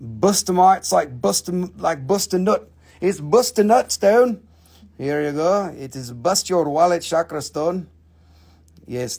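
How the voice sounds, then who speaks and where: Gravelly man hamming up a crystal sale. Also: a little high, a little mellow. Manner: crude, playful, prone to silly voices and jokes. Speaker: host selling crystals on a live stream. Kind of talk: joking live sales pitch.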